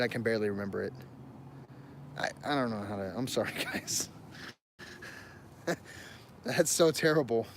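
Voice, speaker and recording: A man's voice: medium pitch, slight background noise. Rambling man livestreaming from his phone. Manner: rambling, many fillers, apologizes to viewers for connection drops. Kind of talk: casual livestream storytelling.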